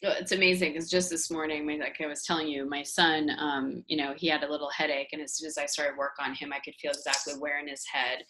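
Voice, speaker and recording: Lively storytelling woman in her forties, slightly low. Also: fast talker, hardly any pauses. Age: 40s. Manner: animated storyteller, acts out voices in anecdotes. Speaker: host. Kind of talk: casual interview chat.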